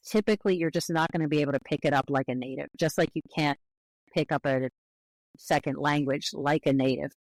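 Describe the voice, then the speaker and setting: An American woman linguist, a podcast guest, explaining patiently and carefully with clear qualifications. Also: low-pitched, dry recording, poor audio. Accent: American English.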